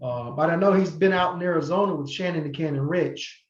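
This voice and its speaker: A middle-aged man tells long stories as a podcast guest, rambling with fillers and restarts. His voice sits fairly high for a man. The sound is roomy and a little muffled. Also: a little fast. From North Carolina, USA. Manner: rambling, many fillers and restarts, acts out quoted people. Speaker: podcast guest, former wrestler. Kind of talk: casual interview storytelling.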